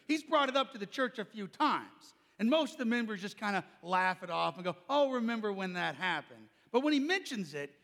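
Brief: male preacher, loud carrying delivery, lively storyteller, long church reverb. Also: high voice, vocal fry. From Oklahoma. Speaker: pastor. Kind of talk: sermon with personal story.

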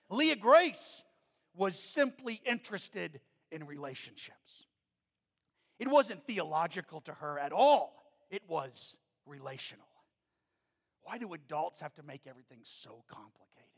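High, gravelly preacher in a reverberant hall. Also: male voice, a little slow. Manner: animated, storytelling preacher who rises to emphatic peaks. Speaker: pastor. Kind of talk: sermon. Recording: long reverb of a large hall.

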